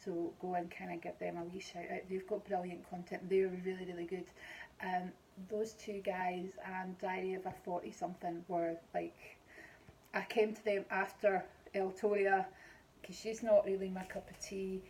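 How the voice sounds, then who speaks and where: A woman's voice: fairly low pitch, level tone, moderate pace, a little mellow, slight background noise, low-quality recording. A middle-aged Scottish woman vlogging an unboxing in a casual, rambling way, with many ums. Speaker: beauty vlogger.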